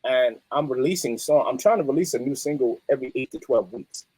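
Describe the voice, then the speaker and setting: A middle-aged man, a musician guest telling stories in a streetwise, animated way. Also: medium pitch, a little fast, slightly rough, no room sound, poor audio. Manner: animated, streetwise, peppered with "you know what I mean". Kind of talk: casual interview storytelling.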